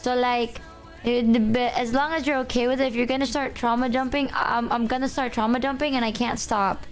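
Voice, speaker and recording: A woman's voice: a little high, fairly even intonation, brisk, soft background music. A woman streaming, chatting casually in a breezy, matter-of-fact way with frequent giggles. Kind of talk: casual chat.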